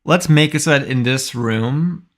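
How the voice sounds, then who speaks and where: A man's voice: medium pitch, measured pace. A young man in his twenties streaming his game development, talking casually and thinking aloud with frequent restarts. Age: 20s. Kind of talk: casual live-stream talk while coding.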